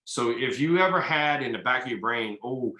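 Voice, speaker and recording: A man's voice: mid-range voice, animated, moderate pace, sharp tone, echoey room, poor audio. An older man, a retired ballplayer, answering interview questions in an easygoing, folksy way. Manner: easygoing, folksy, fillers like "you know". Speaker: retired baseball player, guest.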